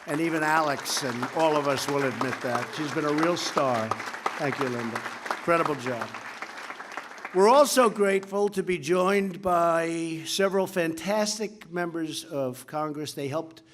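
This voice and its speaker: A man's voice: fairly high pitch, unhurried, crowd noise, background noise. A man giving an off-the-cuff speech at a signing event, rambling and boastful, with asides to people in the room.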